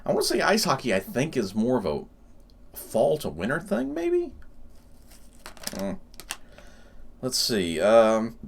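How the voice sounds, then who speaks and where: A man's voice: mid-range voice, huge pitch swings, slow pace, vocal fry, pauses often. A man hosting a gaming channel, giving casual gameplay commentary while thinking aloud and laughing often.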